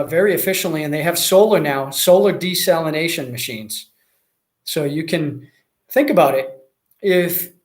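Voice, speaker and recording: An American man hosting a casual livestream, reading viewer comments and chatting in a rambling way with lots of fillers and restarts. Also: a little high. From United States. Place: Mexico.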